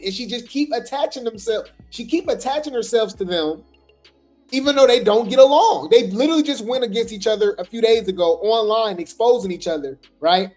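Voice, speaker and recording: A woman's voice: fairly high pitch, a little mellow. A woman hosting casual gossip commentary, chatty and sassy, talking straight to her viewers.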